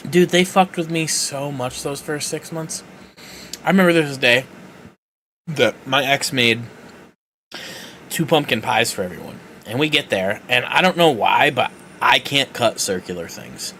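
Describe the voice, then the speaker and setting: A man telling a story in casual chat, animated and swearing freely. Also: medium pitch, normal speed, slight background noise. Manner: animated, swearing, acts out voices.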